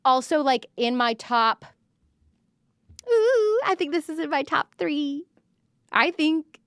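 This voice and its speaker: A woman's voice: fairly high pitch, a bit bright, smooth, no echo, studio quality. A young woman hosting a casual album reaction, gushing and chatty with lots of fillers. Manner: gushing, chatty, filler-heavy, reads lyrics aloud animatedly. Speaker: host reviewing an album.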